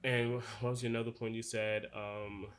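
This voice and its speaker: This young podcast co-host has a mid-range voice, a flat delivery, and normal speed, plus a noticeable non-standard accent. In casual discussion he speaks earnestly yet loosely, with lots of "like" and restarts.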